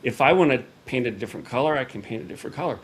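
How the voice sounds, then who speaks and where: A middle-aged man, a podcast guest, telling a personal story in a casual, animated way and acting out quoted dialogue. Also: medium pitch, very fast, slightly rough.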